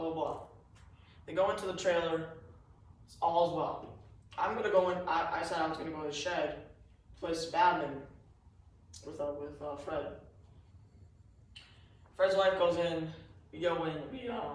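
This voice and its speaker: A man's voice: on the high side, steady tone, moderate pace, pauses often. A man telling a rambling comic story in a meandering, confused way. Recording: echoey room, far from mic.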